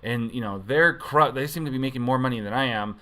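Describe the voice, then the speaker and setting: A man's voice: mid-range voice, quick pace, sharp tone. A man giving a casual devotional talk as a youth pastor, rambling and conversational, often correcting himself mid-sentence.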